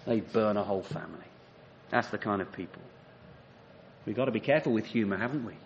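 Brief: middle-aged preacher, animated storyteller with rhetorical questions. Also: male voice, a little high, lo-fi sound. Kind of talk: sermon.

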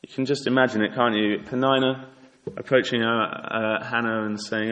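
A man's voice: medium pitch, flat delivery, moderate pace, a bit bright. A man preaching a sermon in an earnest, exhorting way, asking rhetorical questions. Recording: echoey hall with long reverb.

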